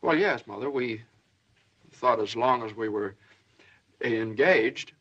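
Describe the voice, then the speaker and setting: An actor playing a flustered young newlywed son in a 1930s film, hesitant and stammering. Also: male voice, medium pitch, takes it slowly, fairly bright tone, husky. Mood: sheepish. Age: young adult. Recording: dull old film soundtrack.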